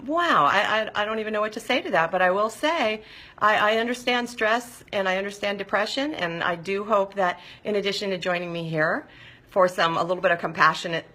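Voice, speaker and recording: A middle-aged woman hosts a live stream and chats through viewer comments. Her voice is a little low but sharp and bright, and she gushes with warm encouragement for her viewers. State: hot and sweaty, sighing.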